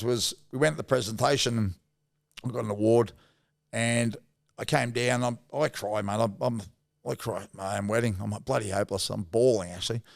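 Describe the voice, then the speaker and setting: A middle-aged Australian man with a mid-range voice and vocal fry is a guest on a podcast. He tells rambling, blokey anecdotes in a casual storytelling way, swearing mildly.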